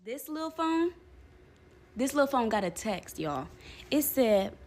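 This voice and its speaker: A young woman casually telling a personal story to camera, animated and conversational, jumping between loud exclaims and low asides. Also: a little slow. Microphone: phone close to the face.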